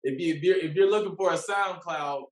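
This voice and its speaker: A man's voice: a little high, fairly quick. Man, comedian, storytelling podcast chat, roomy echo, distant from mic. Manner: storytelling, acts out quotes.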